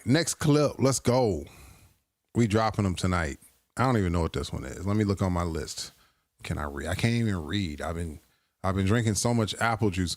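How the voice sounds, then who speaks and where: A man with a somewhat low voice hosting a casual livestream, rambling and joking at his own expense. His voice is recorded close and dry, with no room sound. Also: no room sound. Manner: rambling, joking, self-deprecating. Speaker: livestream host. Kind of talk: casual livestream chat reacting to clips.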